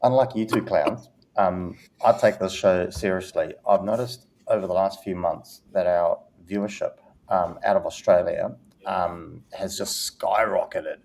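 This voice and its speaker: Man, podcast co-host, teasing banter, lots of ums, lowish pitch. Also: steady tone, measured pace, gravelly, darkish tone. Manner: teasing, joking, many "um" fillers. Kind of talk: casual banter.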